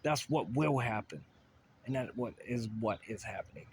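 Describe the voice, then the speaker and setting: A man's voice: medium pitch, moderate pace, a little hiss or hum. A man ranting in a rambling solo monologue, profane and agitated, full of asides and restarts. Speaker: vlogger.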